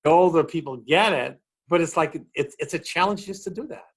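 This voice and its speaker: A middle-aged man with a Boston accent, a comedian chatting as a guest and telling stage stories with lively, acted-out quotes. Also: on the high side, brisk, slightly rough. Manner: animated storyteller acting out quotes. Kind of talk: casual chat, storytelling.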